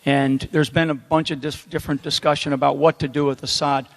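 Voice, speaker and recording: Brief male moderator, slightly high voice, halting, roomy hall, faint crowd. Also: level tone. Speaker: moderator, retired general. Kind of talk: asking a question at a roundtable. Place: large indoor theater.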